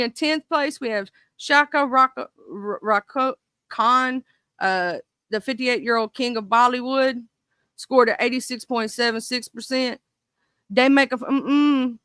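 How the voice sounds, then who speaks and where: A woman with a bright, sharp voice chats casually on a live stream, reading a list and then firing off indignant asides. Her delivery sits a bit high, and the sound is close and dry, with no room around it. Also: clear, resonant tone, dry recording. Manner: reads a list aloud, then breaks into indignant swearing asides to her viewers.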